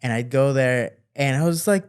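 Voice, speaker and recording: A man telling stories from his childhood as a guest in an interview, with lively quoting and relaxed fillers. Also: moderate pace, smooth. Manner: animated, jumps higher to quote people; fillers and restarts, relaxed flow. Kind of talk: casual storytelling.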